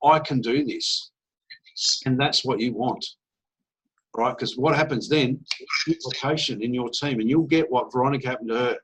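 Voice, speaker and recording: A man's voice: mid-range voice, moderate pace, breathy edge, rough recording. A man presenting at an online business meeting, talking in an enthusiastic, chatty way and acting out phone calls. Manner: enthusiastic and conversational, acts out phone chats. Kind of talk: persuasive sales pitch on a video call.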